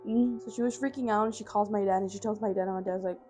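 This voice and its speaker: A woman's voice: medium pitch, fairly even intonation, fast, mellow, soft background music. Young female vlogger, casual storyteller, swears a lot, filler-heavy, phone mic at home. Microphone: phone camera.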